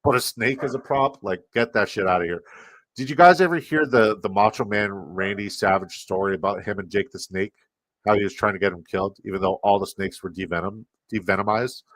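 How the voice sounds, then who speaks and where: A Canadian man with a lowish voice chats loosely on a live stream, rambling and dropping casual profanity as he reads messages aloud. He sits close to his mic in a dead, dry room. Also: fairly quick, fairly bright tone, no room sound. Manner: rambling, profane, reacting to chat. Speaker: fantasy football streamer.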